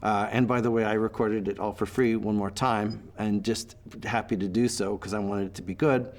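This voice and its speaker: A man's voice: on the low side, fairly even intonation, moderate pace, a little mellow. A middle-aged man, telling anecdotes in an interview in a chatty way, full of fillers. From Canada. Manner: chatty storyteller, many fillers. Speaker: actor being interviewed.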